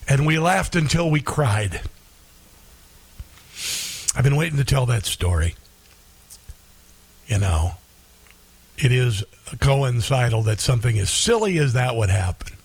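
A middle-aged man hosting a talk radio show, sharing a heartfelt personal story in a halting way, often restarting his sentences. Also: mid-range voice, big pitch swings, creaky, husky.

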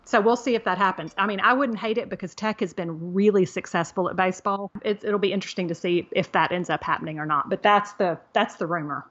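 A woman's voice: mid-range voice, fast, hardly any pauses, fairly bright tone, dull audio. Emphatic middle-aged woman podcast host. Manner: emphatic, repeats herself for effect. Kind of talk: casual chat.

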